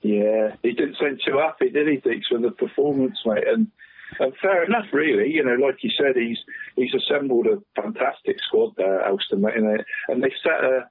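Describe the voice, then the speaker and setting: A man's voice: medium pitch, animated, normal speed. A man chatting casually about local football as a podcast co-host, saying "mate" constantly. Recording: husky voice over a tinny phone line.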